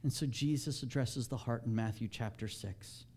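A male pastor preaching a sermon in a casual, animated way, pushing his voice up when he stresses a point. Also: medium pitch, normal speed, slight background noise.

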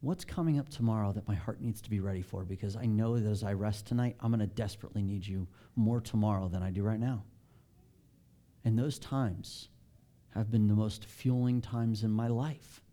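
A man's voice: fairly low pitch, moderate pace, mellow. A man, a pastor with children, giving a candid, self-deprecating, conversational sermon.

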